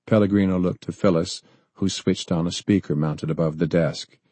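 Husky, low-voiced male narrator. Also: steady tone, normal speed, warm tone, no echo. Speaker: audiobook narrator. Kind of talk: scripted narration.

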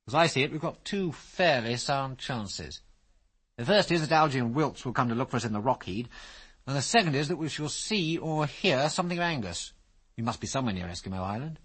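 A man voicing a calm, commanding veteran pilot who speaks in clipped, matter-of-fact orders. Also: medium pitch, a little fast, husky. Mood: level.

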